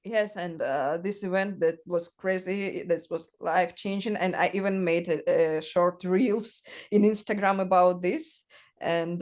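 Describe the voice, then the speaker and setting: Woman telling stories haltingly. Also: lowish voice. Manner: halting, searching for words, many fillers. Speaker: guest artist. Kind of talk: casual conversational storytelling.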